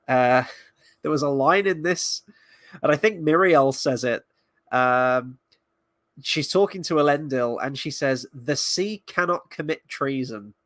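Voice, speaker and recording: A man's voice: medium pitch, a bit bright, dry recording. A man giving a casual spoken review of a series, blunt and sarcastic, swearing freely as he picks apart its writing. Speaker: show reviewer.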